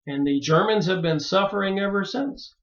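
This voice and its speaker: Emphatic high-voiced man, lo-fi. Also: moderate pace. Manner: emphatic, rising to pleading exclamations. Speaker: video maker reviewing books. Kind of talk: monologue to camera.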